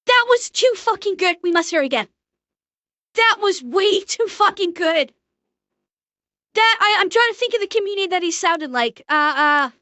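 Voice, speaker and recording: A woman streamer reacting to a video, excitable and swearing a lot. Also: very high-pitched, moderate pace, long pauses, dry recording.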